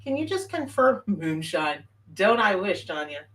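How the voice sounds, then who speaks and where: A Southern-accented woman talks loosely and warmly to her live-stream audience and breaks off to answer viewer comments. She sits some distance from the microphone, so her voice sounds a little far away. Her pitch stays in the middle range for a woman. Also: very animated, unhurried. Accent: Southern American. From American South. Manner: chatty, reacts to viewer comments. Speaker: tarot reader hosting a live stream. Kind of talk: live-stream chat and reading.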